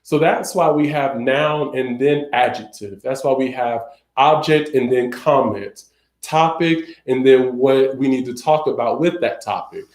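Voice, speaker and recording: A man's voice: medium pitch, unhurried, a little mellow. A man teaching a sign language class, explaining in a conversational way with everyday examples. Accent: Southern American. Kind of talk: recorded class lecture. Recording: echoey room.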